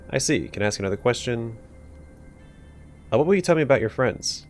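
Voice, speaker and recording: Gravelly man playing a game. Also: mid-range voice, quick pace. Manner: relaxed, reads aloud with fillers. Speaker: let's play host. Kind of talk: casual gameplay commentary and reading dialogue. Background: game music.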